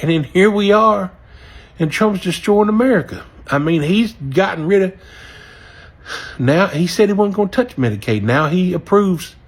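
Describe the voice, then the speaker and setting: A man from outside Memphis talks straight to the camera in a heated, profane rant. His voice is husky and worn. He swings from loud outbursts down to low, bitter mutters. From Southern US, near Memphis. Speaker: regretful voter. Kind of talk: angry direct-to-camera rant.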